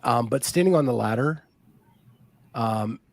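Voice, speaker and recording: A man hosting a podcast, chatting casually and reading sponsor spots in a relaxed way with frequent ums. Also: mid-range voice, measured pace. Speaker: podcast host. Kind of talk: casual chat and sponsor reads.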